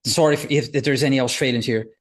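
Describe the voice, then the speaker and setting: A man hosting a founders' faith discussion, telling his own stories in an animated way and laughing along. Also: medium pitch, fast talker. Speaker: host leading a founders' faith talk. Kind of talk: animated storytelling.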